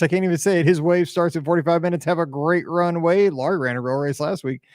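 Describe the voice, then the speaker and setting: A man's voice: a little high, fast talker, few pauses, a little mellow, dry recording. A man hosting a live call-in podcast, chatting casually and greeting viewers one by one, sounding tired and humming to himself between remarks. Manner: chatty, upbeat, hums and mutters to himself. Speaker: podcast host.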